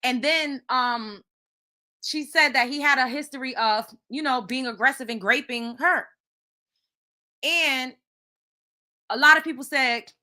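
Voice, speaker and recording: Animated, bright-voiced woman hosting a livestream. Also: sits high, measured pace, long pauses. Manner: animated, swearing, addresses chat viewers by name. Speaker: host. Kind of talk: casual commentary livestream.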